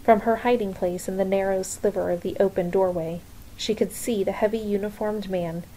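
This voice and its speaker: A woman reads a novel aloud in a calm, measured way. Her voice is mellow and warm, with a faint hiss of noise behind it. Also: medium pitch, rough recording. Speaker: reader. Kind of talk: audiobook narration.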